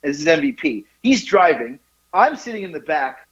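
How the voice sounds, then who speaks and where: A man in his forties tells a story on a casual podcast, his higher voice swinging up and down a lot. He laughs and swears as he goes and trips into restarts. The audio sounds dull and lo-fi. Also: moderate pace. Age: 40s. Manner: animated, laughing, profane anecdote telling with rambling restarts. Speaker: podcast host.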